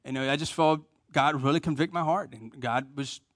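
A middle-aged man preaching a conversational sermon, repeating key phrases for emphasis and joking at his own expense, going soft and low for tender points. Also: moderate pace, no echo, clean studio sound. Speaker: pastor.

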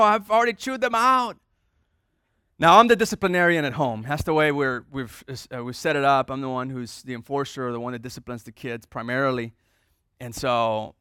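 Bright, clear-voiced male pastor preaching. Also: a little high, no echo, studio quality. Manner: conversational storytelling, acting out quoted dialogue. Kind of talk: sermon.

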